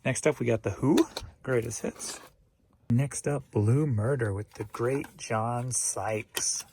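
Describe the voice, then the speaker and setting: A man's voice: medium pitch, a little mellow, slight background noise. A man from St. Louis, Missouri, an eBay reseller who chats easygoingly in a casual vlog. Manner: easygoing and chatty, with quick asides.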